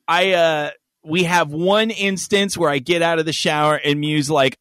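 Male podcast co-host, bright ringing voice, rambling storyteller who jokes around and laughs a lot. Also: a little high, normal speed, no room sound. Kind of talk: casual chat.

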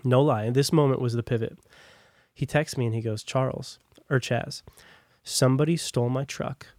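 A man's voice: medium pitch, fairly even intonation, normal speed, darkish tone, no room sound, clean studio sound. A young man telling his personal testimony as a podcast guest, in a casual, rambling way full of fillers. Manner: casual, rambling, heavy on "like" and "long story short".

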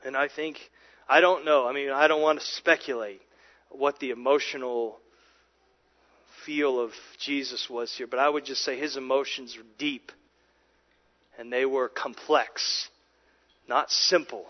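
A man preaching a sermon as pastor, swinging from loud and urgent to soft and hushed, often repeating words as he goes. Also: mid-range voice, fairly even intonation, unhurried, pauses often, muffled recording.

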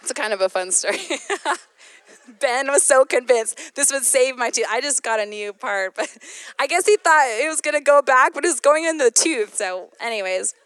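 Bright high-voiced woman preaching. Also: normal speed, smooth, no room sound. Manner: animated storyteller, laughs often, addresses listeners as y'all. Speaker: women's ministry speaker. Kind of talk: sermon with personal storytelling.

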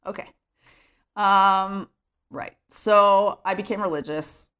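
A woman from Sherman, Texas, appears as an interview guest, her medium-pitched voice clear, resonant, a bit bright, and given to drawn-out words. In a casual storytelling style, she chats about her life at home, filling her speech with "like."

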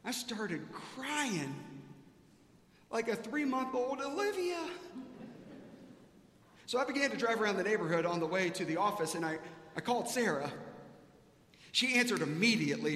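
A man's voice: sits high, big pitch swings, moderate pace, pauses often, bright, forceful tone, a little hiss or hum. A male pastor preaching a sermon and telling a personal story, acting out the voices of the people he quotes. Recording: echoey hall with faint ambience.

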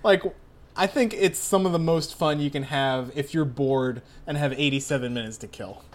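Excitable young man laughing through chat. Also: a little high, moderate pace. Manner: laughs often, excitable, lots of "like" fillers. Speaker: podcast co-host. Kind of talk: casual chat.

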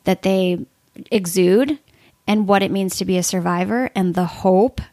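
A woman with a gravelly, fry-touched voice recounts her stories in an animated, conversational way, full of "like" fillers. She is recorded close and dry, with no room sound. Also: medium pitch, measured pace, dry recording. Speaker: podcast guest. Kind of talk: conversational storytelling.

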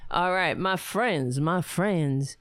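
A woman hosts a casual livestream from home, chatting wryly with her viewers at an unhurried pace. Her voice sits a little low. The sound is dry and close from a home webcam mic. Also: dry recording. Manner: chatty, wry, talks to her pets in a soft coaxing voice. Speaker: livestream host.

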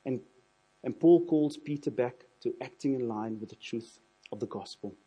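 Male preacher, sermon, husky, mellow dark tone, earnest, repeats words. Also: mid-range voice, moderate pace. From South Africa. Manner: earnest, repeats words when building a point.

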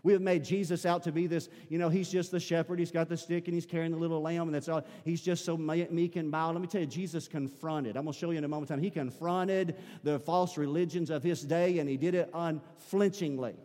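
A man's voice: a little high, fairly even intonation, brisk, few pauses, mellow. A man preaching a sermon as pastor, building emphasis with repeated calls to his congregation. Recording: long hall reverb.

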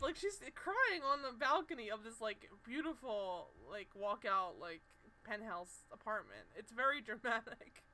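Recapping a TV show in casual podcast chat, this co-host speaks in a high-ish, sing-song voice that's pushed and bright, though unhurried. She's animated, fills her talk with fillers, and acts out the characters' lines.

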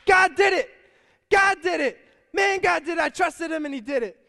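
Man doing a squealing, overjoyed believer woman; shouting praise, echoing church room. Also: extremely high pitch, moderate pace, vocal fry, voice pushed up, exaggerated voice. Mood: ecstatic. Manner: shouting ecstatic exclamations.

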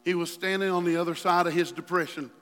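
A male pastor preaching a sermon with passion, dropping to a hush and then rising to near shouts. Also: high voice, steady tone, fast. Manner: impassioned preaching, swings from hushed to shouting. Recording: long hall reverb.

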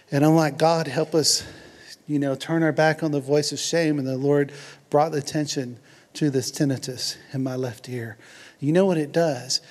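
A man's voice: on the high side, darkish tone. A man preaching a sermon in an earnest, conversational way, with jokes and asides to the congregation. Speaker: pastor.

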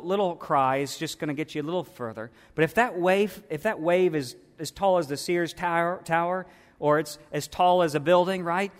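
A man preaching a sermon as pastor to his church, moving from quiet reflection to loud, fervent preaching. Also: on the high side, big-room sound. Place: church sanctuary.

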